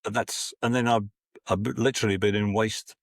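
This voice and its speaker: A man's voice: lowish voice, steady tone, fairly quick, no echo, clean studio sound. A man in his sixties from Scotland, a podcast guest telling rambling anecdotes full of restarts. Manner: rambling, with frequent restarts and acted-out quotes. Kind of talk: casual anecdotal storytelling.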